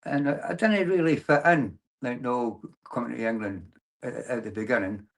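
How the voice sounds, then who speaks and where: A man in his sixties from Glasgow, telling his own story as an interview guest, in a halting way with frequent restarts and the filler "like, no". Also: mid-range voice, creaky. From Glasgow, Scotland. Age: 60s. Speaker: guest, abuse survivor and campaigner. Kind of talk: personal testimony in conversation.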